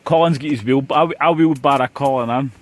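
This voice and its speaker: A man's voice: mid-range voice, brisk. Chatty Scottish man camping in the rain. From Scotland. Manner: chatty and jokey, playful outbursts. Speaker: vlogger. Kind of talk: casual camping vlog chat. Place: inside a hot tent in the rain.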